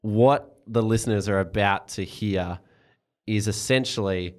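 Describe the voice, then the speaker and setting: A man's voice: on the low side, a little slow. A man hosting a podcast and eagerly setting up an interview. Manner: enthusiastic, eager.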